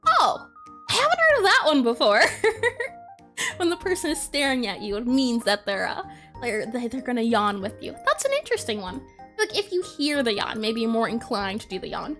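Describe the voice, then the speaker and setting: A woman with a high, bouncy voice chats casually on a drawing stream and giggles often. She reads viewer comments aloud and answers them. Soft music plays behind her. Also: huge pitch swings, normal speed. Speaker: art streamer. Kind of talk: casual live-stream chat while drawing.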